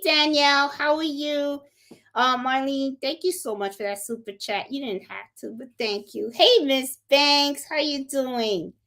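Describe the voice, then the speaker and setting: Middle-aged woman, livestream host, slightly high voice, unhurried, chatty, greets viewers by name. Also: a bit bright. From Puerto Rico. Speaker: crafting channel host. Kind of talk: casual livestream chat.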